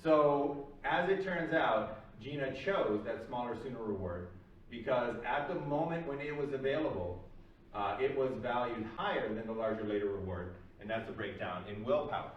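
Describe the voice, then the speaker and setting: A man's voice: mid-range voice, lively intonation, normal speed, muffled recording. Male lecturer, casual and rambling, recorded far off in an echoey room with faint hiss. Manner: loose, filler-heavy explaining. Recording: very echoey room, mic at a distance.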